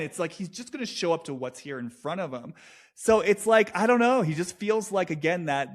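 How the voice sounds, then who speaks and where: A young man talking through a reality show in a loose, rambling monologue, full of fillers and restarts, swearing freely. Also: a little high. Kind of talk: casual analytic monologue.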